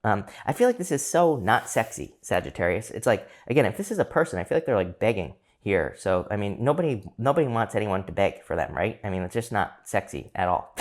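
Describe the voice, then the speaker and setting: Man, tarot reader, casual chat, loose and talkative, somewhat low voice. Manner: chatty, loose, many fillers and restarts. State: hiccups. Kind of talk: casual card-reading talk to viewers.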